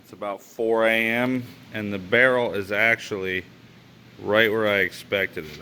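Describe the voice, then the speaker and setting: A man with a somewhat low, bright, forward voice, gone hoarse. He talks casually through his engine cleanup, padding his walkthrough with fillers and asides. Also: steady tone, measured pace, a little hiss or hum. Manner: chatty, full of fillers and asides. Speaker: car-build vlogger.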